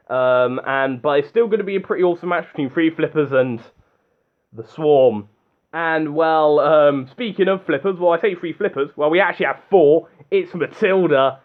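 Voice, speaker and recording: A young man doing excitable play-by-play commentary on a robot combat match, animated and chatty. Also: sits high, phone-quality sound.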